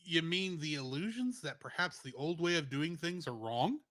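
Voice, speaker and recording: A man co-hosting a casual film discussion podcast, laying out his points in a measured way. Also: on the high side, expressive, a bit bright. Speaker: podcast co-host.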